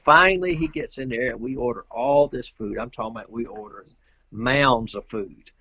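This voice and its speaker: A middle-aged man from Georgia, telling a rambling, animated story as a guest in a casual interview. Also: medium pitch, normal speed, gravelly, no echo, highs cut off. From Georgia, USA. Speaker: guest, pro pool player.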